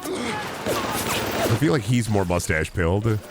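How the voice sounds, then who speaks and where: A man's voice: fairly low pitch, wildly swooping pitch, slow pace, very noisy. A man streaming a video game, rambling and joking with lots of fillers. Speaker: gaming streamer. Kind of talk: casual live-stream commentary.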